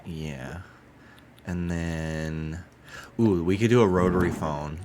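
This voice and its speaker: Deep-voiced man chatting on stream. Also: takes it slowly, over music. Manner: chatty, playful, swears casually. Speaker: streamer playing a life-sim game. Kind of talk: casual stream chat.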